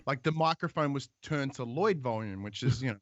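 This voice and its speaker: A man's voice: medium pitch, brisk, a crowd in the background. A man making wry remarks in casual banter. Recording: dull sound.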